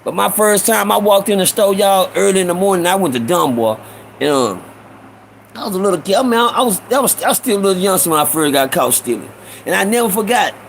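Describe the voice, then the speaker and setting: A man hosting a casual storytelling stream, slangy, with repeated asides and shout-outs to viewers. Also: high-pitched, expressive, fast, creaky, a little hiss or hum, low-quality recording. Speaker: host.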